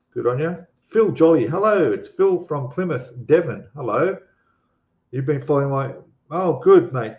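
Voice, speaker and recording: A man's voice: medium pitch, darkish tone. Chatty Australian man, echoey room. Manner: rambling, chatty, friendly, many fillers and restarts. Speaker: live stream host. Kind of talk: casual live stream chat reading comments. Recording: echoey room, dull lo-fi sound.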